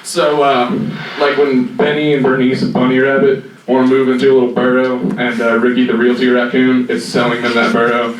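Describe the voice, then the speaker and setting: A man's voice: mid-range voice, completely flat delivery, a little fast. A man in his twenties from North Carolina doing stand-up comedy, with a rambling, filler-heavy, profane delivery. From North Carolina, USA. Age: 20s. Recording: echoey room from far off, noisy.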